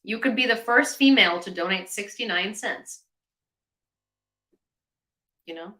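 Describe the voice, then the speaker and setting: A woman hosts a livestream news commentary in a chatty, sarcastic manner. Her voice is bright and carries in an echoey room. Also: medium pitch, expressive, slow, long pauses. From Ukraine. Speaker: host.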